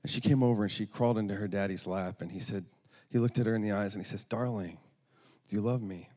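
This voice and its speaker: A man's voice: on the low side, fairly even intonation, rapid-fire, dark tone. A man preaching through a story, earnest, often restarting and repeating words. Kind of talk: storytelling sermon.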